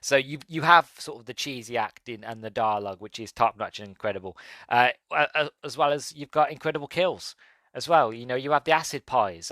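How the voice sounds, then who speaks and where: A man's voice: mid-range voice, fairly bright tone, no room sound. A man hosting a podcast, casually reviewing a movie in an enthusiastic, rambling way with lots of fillers. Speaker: podcast host.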